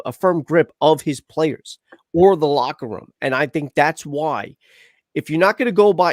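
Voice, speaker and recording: Male co-host for a live sports chat, pushy and worked up, slightly raised pitch, close dry mic. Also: no echo. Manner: argumentative, heated, lots of restarts. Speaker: podcast co-host.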